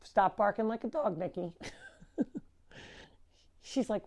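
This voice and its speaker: A woman's voice: mid-range voice, animated, slow pace, noisy background. Woman, live farm show host, casual chat, coos and baby-talks animals, rambling, indoors, clip-on mic. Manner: chatty, rambling explanations. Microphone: clip-on microphone.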